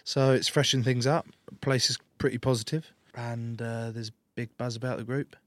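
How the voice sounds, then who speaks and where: A man's voice: mid-range voice, level tone, normal speed, no echo. A young man from Sussex, England, guesting in a casual interview, teasing and blunt. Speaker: rugby player guest.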